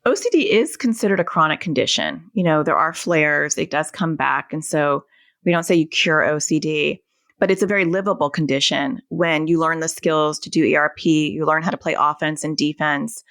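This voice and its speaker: A woman speaks low, with a gravelly, creaky texture. She is a therapist guest on a podcast, explaining ideas through everyday examples. The recording is dry and close, with no room sound. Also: normal speed, a bit bright, no room sound. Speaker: anxiety and OCD therapist, guest.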